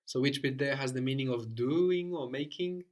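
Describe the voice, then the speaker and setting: Male tutor, average pitch, patient and prompting, ends points with "no?". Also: moderate pace. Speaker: language teacher. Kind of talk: guided language lesson.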